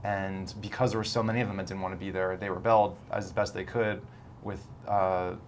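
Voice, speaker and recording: A man, a film director being interviewed, explaining things in a measured, thoughtful way. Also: sits low, steady tone, slight background noise. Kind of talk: casual interview chat.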